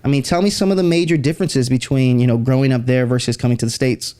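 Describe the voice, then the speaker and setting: A man's voice: medium pitch, fairly even intonation, quick pace, warm tone, clear, resonant tone. A man from San Antonio, Texas, hosting an interview show with upbeat, friendly intros and casual questions. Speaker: podcast host.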